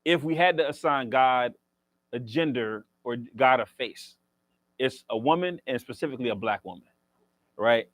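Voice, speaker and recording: A man's voice: medium pitch, a bit bright, a little hiss or hum. A man performs spoken word poetry as the featured poet at a library reading, with a rhythmic, preacher-like cadence and joking banter between poems.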